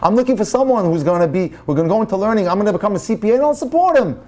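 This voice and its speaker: A man's voice: high-pitched, lively intonation, racing, darkish tone, voice pushed up. A man voicing an indignant young religious woman in a told story, his voice rising with exasperation. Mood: exasperated.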